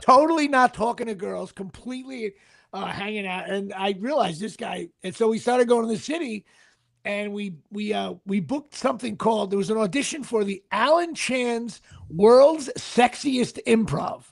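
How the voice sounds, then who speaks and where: A man's voice: high-pitched, normal speed, vocal fry. A middle-aged man, an actor being interviewed, telling rambling stories with restarts and sports asides. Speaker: actor guest. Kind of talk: casual anecdotal storytelling.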